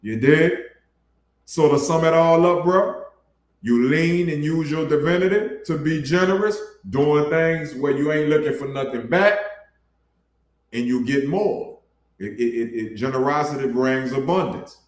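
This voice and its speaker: A man's voice: a little high, measured pace, roomy sound. A man preaching a blunt, colloquial sermon for his online ministry, calling his listeners bro. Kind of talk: casual street sermon.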